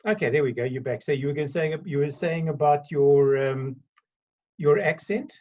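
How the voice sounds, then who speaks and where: A man hosting a casual video-call interview, chatty and quick to laugh and joke with his guest. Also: on the high side, darkish tone, lo-fi sound. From South Africa. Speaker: interview host.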